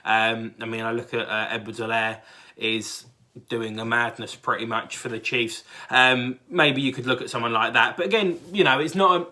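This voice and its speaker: Excitable British man reacting to football. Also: mid-range voice, normal speed. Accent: British English. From England. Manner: excitable, rambling with many fillers and restarts. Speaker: sports fan channel host. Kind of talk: casual fan reaction.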